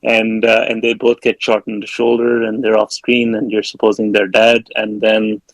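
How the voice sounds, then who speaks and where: A man's voice: fairly low pitch, monotone, normal speed, no room sound, rough recording. A man casually recapping a film plot on a podcast, rambling with plenty of fillers and restarts. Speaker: podcast host.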